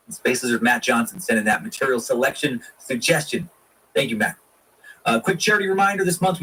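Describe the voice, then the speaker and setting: A man's voice: on the high side, bright, forceful tone, slightly rough, distant mic, poor audio. A man hosting a casual history podcast, irreverent and profane, with jokey asides. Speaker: podcast host.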